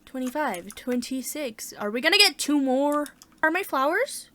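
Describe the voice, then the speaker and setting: एक महिला अपना गेम खेलते हुए बातचीत के अंदाज़ में कमेंट्री करती है, ज़ोर से सोचती है और बीच-बीच में उत्साह से उछल पड़ती है।. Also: female voice, sits high, normal speed, no echo. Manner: chatty, thinks aloud, bursts of excitement. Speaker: gaming channel host. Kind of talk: casual let's-play commentary.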